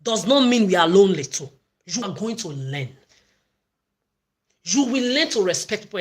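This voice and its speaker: A woman's voice: mid-range voice, fairly bright tone. A woman delivering an angry, accusatory livestream rant, repeating herself as she goes. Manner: ranting, accusatory, repetitive.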